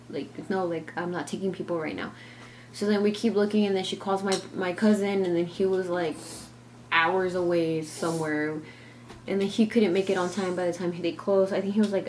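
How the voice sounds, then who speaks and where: A woman's voice: lowish voice, a little mellow, slight background noise. A young woman vlogger telling a family story in casual, rambling talk full of fillers.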